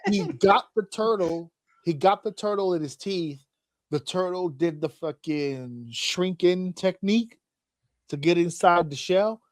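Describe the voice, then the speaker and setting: Here a podcast co-host with a high-sitting voice takes his time, animatedly telling comic tales, cursing freely and doing character voices. The recording is studio-grade and free of echo.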